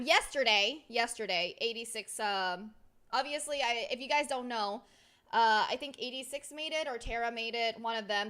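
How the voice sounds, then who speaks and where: A woman streaming live, her voice pitched high and sounding sharp and bright. She chats casually and tells a rambling, animated story, swearing freely as she goes. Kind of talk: casual livestream chat.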